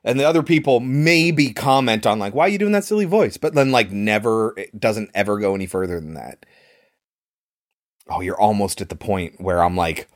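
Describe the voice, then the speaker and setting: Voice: mid-range voice, moderate pace. A podcast co-host in casual chat, wry and mock-exasperated, laughing often.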